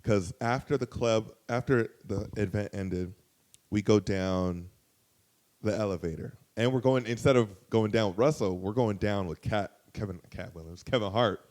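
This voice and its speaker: A man telling a long, profane story in casual chat, his voice jumping high and loud when he quotes people. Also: moderate pace. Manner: animated, profane, jumps to high loud pitch when quoting others. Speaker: guest storyteller.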